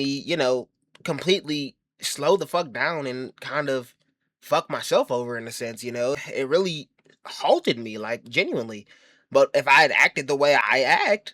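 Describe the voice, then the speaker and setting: A man's voice: mid-range voice, pushed and bright, dry recording, clean studio sound. A man giving a comedic monologue, bragging in a brash, profane, mock-grandiose way and rambling through self-interrupting asides. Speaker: comedy commentary host.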